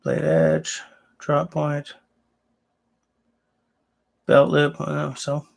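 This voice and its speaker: A man's voice: on the high side, level tone, very slow, vocal fry. A man hosting a casual livestream, answering viewers and thinking aloud as he rambles. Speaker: livestream host.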